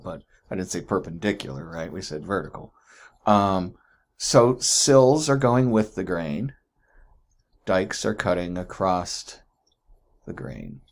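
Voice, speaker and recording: A man teaching geology in a chatty recorded lecture, often asking "right?" and correcting himself as he goes. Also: fairly low pitch.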